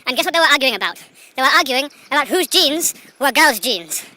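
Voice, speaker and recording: A woman's voice: sits high, lively intonation, fairly quick. A woman playing a comic Zulu character with a put-on Zulu-English accent, out of breath while cycling a country road and chattering in exclaiming broken English. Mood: gossipy. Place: outdoors on a bicycle on a country road. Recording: loud wind and road noise outdoors.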